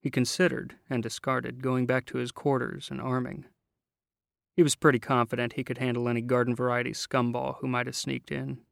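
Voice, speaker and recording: A man narrating a novel in a measured, wry way, close to the mic. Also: mid-range voice, level tone, gravelly, no echo. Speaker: audiobook narrator. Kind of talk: scripted narration.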